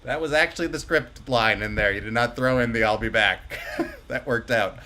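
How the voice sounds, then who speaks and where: Man hosting a live table read, reading stage directions, bright clear tone, breezy asides. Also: mid-range voice, a little fast. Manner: breezy, chuckles and asides to players. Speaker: host and stage-direction reader.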